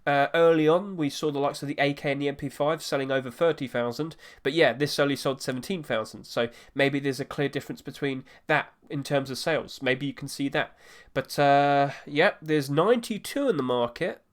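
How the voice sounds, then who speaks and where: This man's solo commentary on gaming market prices is casual and chatty, in a voice on the high side with a brisk pace. He tends to ramble a little and keeps correcting himself.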